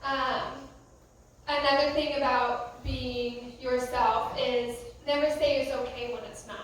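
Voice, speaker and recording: A woman's voice: high voice, fairly bright tone, a little hiss or hum. A young American woman, a youth pastor, giving a casual, conversational talk with many fillers. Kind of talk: youth sermon. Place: church youth room. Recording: echoey room, from a distance.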